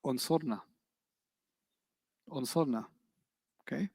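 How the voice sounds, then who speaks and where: A man teaching an Arabic grammar class, quizzing his students with quick rhetorical questions in a playful, teasing way. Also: high-pitched, lively intonation, in a large hall.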